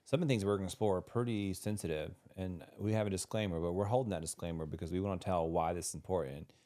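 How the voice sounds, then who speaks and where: A man with a lowish voice talks on a podcast in casual conversation. He is earnest and emotional, and he often restarts his sentences as he tells a personal story. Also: fairly even intonation, fast talker, warm tone. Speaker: podcast co-host.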